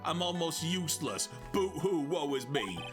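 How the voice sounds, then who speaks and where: A man's voice: fairly high pitch, sing-song, moderate pace, over music. A man voicing a down-on-his-luck male clown, self-pitying, needy and wheedling. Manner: mopey, wheedling joke-teller.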